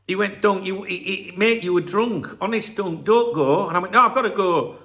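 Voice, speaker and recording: A football channel host in middle age, hailing from Scarborough, England, speaks at a normal speed in a sharp, high-pitched voice. He rambles through a profane, casual vlog, telling stories and tossing in asides.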